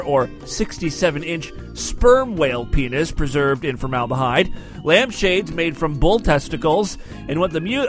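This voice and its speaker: A man's voice: fairly high pitch, a bit bright. Sarcastic man reading odd news. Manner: sarcastic, joking, stumbles over foreign names. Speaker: podcast host. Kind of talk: reading news stories with comic asides.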